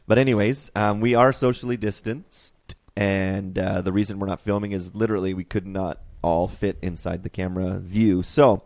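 A man hosting a casual faith podcast, animated and rambling, laughing often. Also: deep voice, moderate pace, few pauses, dry recording. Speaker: podcast host.

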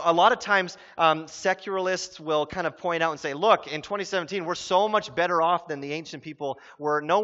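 Bright-voiced pastor preaching in a hall. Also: male voice, a little high. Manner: animated storytelling with quick voiced asides. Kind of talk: sermon. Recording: muffled sound in a reverberant hall.

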